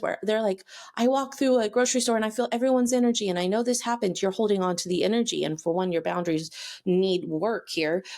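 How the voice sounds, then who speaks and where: Casting: woman host, low-pitched with a gravelly edge, chatty and informal teacher. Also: darkish tone. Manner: chatty, frequent "like" and "okay", acts out little quoted voices. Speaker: intuitive teacher and podcast host. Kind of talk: casual teaching talk.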